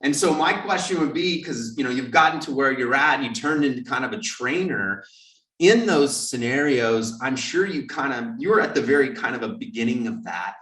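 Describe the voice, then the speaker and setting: Animated man telling a story, roomy and distant. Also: mid-range voice, normal speed. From California. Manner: animated storyteller, acts out quoted lines. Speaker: podcast host. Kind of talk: storytelling in casual interview.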